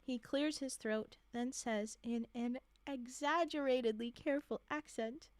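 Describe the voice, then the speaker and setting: A young woman streamer reading a holiday story aloud, expressive, with chatty asides. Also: on the high side, unhurried, hardly any pauses, dry recording.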